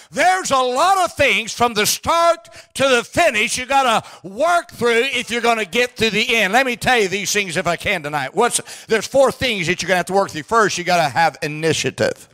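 A man preaching a sermon in a church, emphatic, with frequent restarts and bursts of shouting. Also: extremely high pitch, animated, moderate pace, hardly any pauses. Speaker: pastor. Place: church sanctuary.

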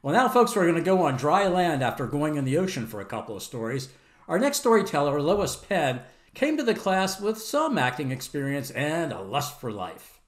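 A man's voice: a little high, very animated, moderate pace. A man, the instructor, introducing storytellers in a showman-like way. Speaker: instructor and emcee. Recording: roomy echo.

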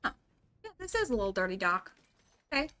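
A woman's voice: medium pitch, sing-song, brisk, bright, forceful tone. A young woman streamer chatting casually and thinking aloud while she plays a game, with lots of "like" and "um" as she talks. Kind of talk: casual live gameplay commentary.

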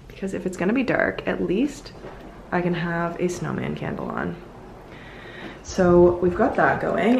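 A young woman with a lowish, gravelly voice rambles casually through a day-in-the-life vlog from her apartment, drifting into little asides. The roomy home recording has a little hiss or hum.

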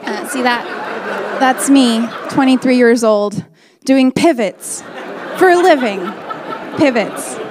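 A woman in her thirties performing a stand-up comedy set, telling candid stories in a deadpan way with quick acted-out asides. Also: fairly high pitch, crowd noise, background noise. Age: 30s.

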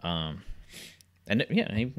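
A man's voice: fairly low pitch, big pitch swings, takes it slowly, lo-fi sound. A man co-hosting a podcast, recapping wrestling matches in a casual, chatty way and laughing often. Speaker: podcast co-host.

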